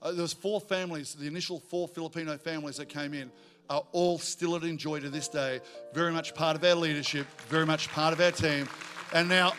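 A male pastor, preaching a sermon in a church in a joking, energetic way. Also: on the high side. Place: church auditorium.

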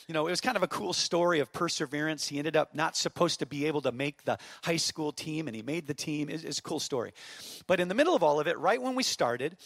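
A man in his fifties, a pastor preaching a sermon, telling a story and then building to fervent shouted exhortation. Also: a little high, vocal fry, no room sound. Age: 50s. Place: church auditorium.

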